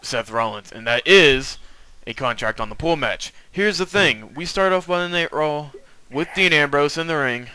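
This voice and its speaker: Young man, podcast host, casual wrestling chat, bright tone, smooth clear voice, rambling. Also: a little high, lively intonation, normal speed, poor audio. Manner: rambling, laughing, with fillers and restarts.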